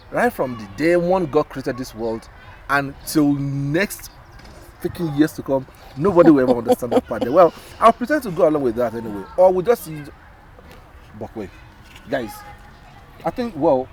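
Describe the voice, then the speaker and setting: A man co-hosting a casual talk show, animated and exclaiming, with many fillers and restarts. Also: a little high. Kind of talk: casual podcast chat.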